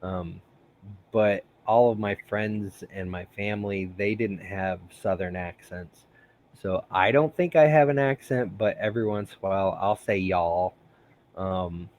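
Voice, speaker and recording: Male stream host, low voice, rambling and laughing, many ums. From United States. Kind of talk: casual live-stream chat.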